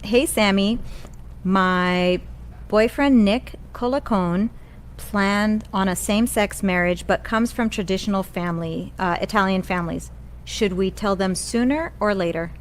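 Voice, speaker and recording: Give me a woman slowly reading out a listener's letter. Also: mid-range voice, a little hiss or hum. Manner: reading aloud.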